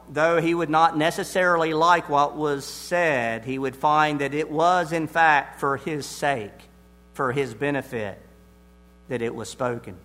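A man preaching an expository sermon, deliberate and emphatic, repeating his key phrases. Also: fairly high pitch, a bit bright.

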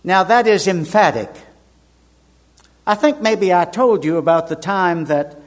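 An older male preacher from Virginia delivers a sermon in a slightly high-pitched voice. He tells personal stories conversationally and builds to emphatic, forceful declarations. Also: measured pace. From Richmond, Virginia, US. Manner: conversational storyteller, swells to emphatic proclamation. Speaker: minister.

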